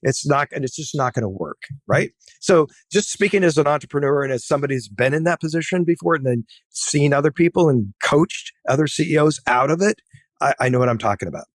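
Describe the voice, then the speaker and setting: A man's voice: fairly high pitch, animated, a little fast, no echo. A middle-aged man, a podcast guest, talking in an emphatic, advice-giving way with lots of "right?" asides. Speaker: podcast guest, tech entrepreneur. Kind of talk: casual interview talk.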